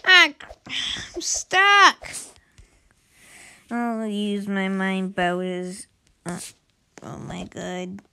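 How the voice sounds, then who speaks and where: A woman playfully narrating a game role-play, excitable and breaking into sudden shouted outbursts. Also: mid-range voice, very slow, creaky, pauses often, clean tone. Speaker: gameplay narrator.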